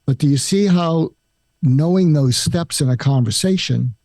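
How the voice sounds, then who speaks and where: An older man, a psychiatrist guest on a podcast interview, calmly explaining a conversation technique step by step and acting out example lines. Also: on the high side, unhurried, dry recording, studio quality.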